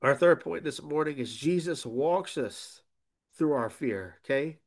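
A man preaching a sermon as a pastor, emphatic, often checking in with "okay?", and swinging between loud emphasis and quiet asides. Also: fairly high pitch, lively intonation, measured pace.

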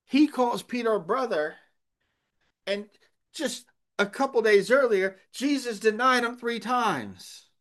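A man's voice: very high-pitched, takes it slowly, fairly bright tone. A man pastor preaching a sermon, earnest and emphatic, asking rhetorical questions.

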